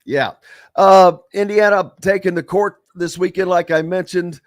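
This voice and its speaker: Animated man hosting sports radio. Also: high voice, unhurried. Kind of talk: casual sports talk.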